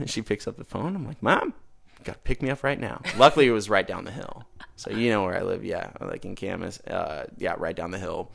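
Young guy, low gravelly voice, rambling storyteller, gets loud at the big moments, casual garage chat. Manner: rambling, animated, gets loud when telling the punchline. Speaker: podcast host telling a story. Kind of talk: casual storytelling over beers.

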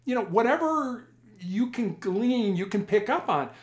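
Animated storytelling man, former negotiator. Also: sits high, a little slow. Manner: animated, acts out both sides of conversations. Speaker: former police hostage negotiator, guest. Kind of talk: storytelling in a podcast interview.

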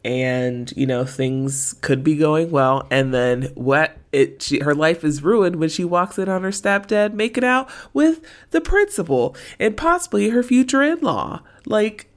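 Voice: medium pitch, unhurried, few pauses. Giggly, exasperated podcast co-host. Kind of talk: casual recap chat.

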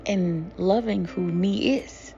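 A woman co-hosting a podcast, talking through her feelings in a halting, self-affirming way with many fillers. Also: mid-range voice, creaky, dark tone, dull audio, soft background music. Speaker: podcast co-host. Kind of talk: reflective podcast monologue.

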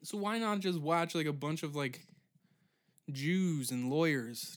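A man's voice: fairly high pitch, a little slow. A man in his twenties hosting a solo comedy podcast, ranting sarcastically and swearing often. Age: 20s. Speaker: podcast host.

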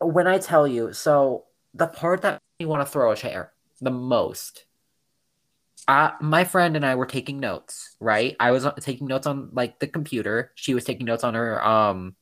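This podcast co-host, a young man, has a medium-pitched voice and a moderate pace. He gets animated and indignant telling stories in casual conversation, mimicking people sarcastically as he quotes them.

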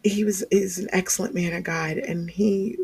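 A woman giving a sermon-style testimony, telling her story in a lively way with frequent laughs and fillers. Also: on the low side, normal speed, gravelly, husky. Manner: animated storytelling, laughs often, many fillers. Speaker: speaker sharing testimony.

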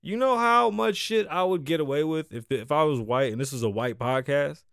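A man's voice: fairly high pitch, moderate pace, vocal fry, a bit bright, smooth, no echo, studio quality. A man from the Bronx, hosting a podcast in loose, profane, riffing chat and teasing his co-host. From the Bronx, New York. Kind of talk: casual freestyle podcast talk.

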